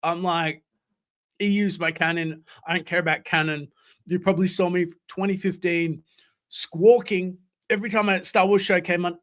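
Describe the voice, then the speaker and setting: A man's voice: sits high, fairly even intonation, moderate pace, fairly bright tone. An Australian man hosting a live stream, chatting casually, swearing freely and reading out comments from chat. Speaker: livestream host.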